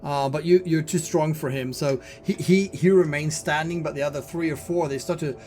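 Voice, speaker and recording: A man narrating a tabletop horror game as game master, speaking English as a second language, halting and repeating words as he goes. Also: a little high, fairly even intonation, darkish tone, soft background music. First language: Swedish.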